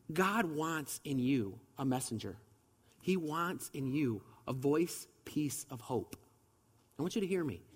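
A man's voice: on the high side, in a large hall. A man preaching a sermon in a conversational way, asking the audience rhetorical questions, and he has a slight cold.

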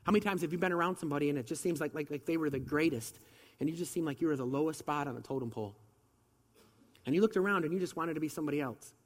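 Fast-talking preacher with a cold. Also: male voice, on the high side, big-room sound. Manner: conversational, fast, with rhetorical questions. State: has a cold. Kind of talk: sermon.

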